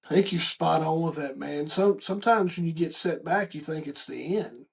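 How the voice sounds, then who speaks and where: A middle-aged male podcast host with a gravelly, slightly high voice chats with a guest in a casual interview at normal speed. He's folksy and rambling, often doubling back on his own words.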